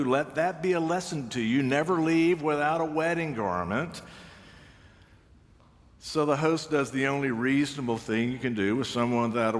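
A man preaching a sermon, telling stories with dry humor and acting out the voices he quotes. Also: mid-range voice. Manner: wry storytelling, acts out quoted voices. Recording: long reverb of a large hall.

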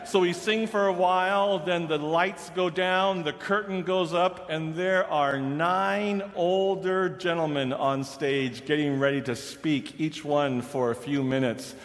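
A man from the Pacific Northwest preaching a sermon as a humorous, animated storyteller. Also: a little high, a little slow, hardly any pauses. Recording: long reverb of a large hall.

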